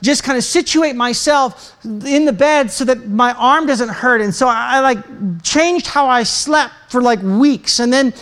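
A man's voice: very high-pitched, a little slow, fairly bright tone. A middle-aged man, a pastor, giving announcements and a sermon in a church in a casual, joking way. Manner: casual, chatty, self-mocking humor. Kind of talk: sermon with announcements and a personal story. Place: church sanctuary.

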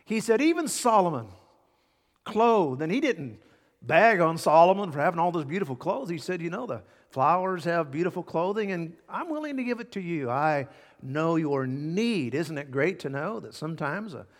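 A man preaching a sermon as pastor, emphatic, repeating key words and swinging between loud and hushed. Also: a little high, big pitch swings, normal speed. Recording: long hall reverb.

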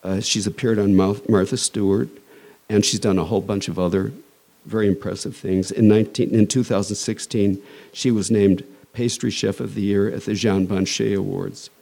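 A man's voice: lowish voice, little pitch movement, moderate pace, vocal fry, dark tone. A middle-aged American man introducing a guest speaker at a talk, rambling with restarts and joking asides. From United States. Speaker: society president introducing a speaker.

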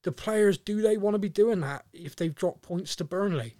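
A man co-hosting a football podcast in casual chat, animated and laughing often. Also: high-pitched, normal speed, no echo, clean studio sound. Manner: animated, laughing, mimics a manager's rants. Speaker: podcast co-host.

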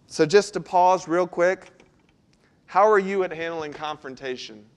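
A man's voice: high-pitched, moderate pace, clean tone. A man preaching a sermon as pastor, earnest and conversational, asking his listeners questions.

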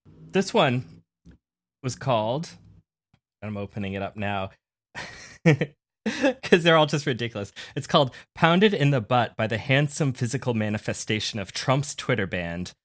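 A man's voice: medium pitch, lively intonation, a little slow, a bit bright. A man co-hosting a podcast in casual chat, laughing often as he talks. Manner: giggly, laughs often while talking. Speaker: podcast co-host.

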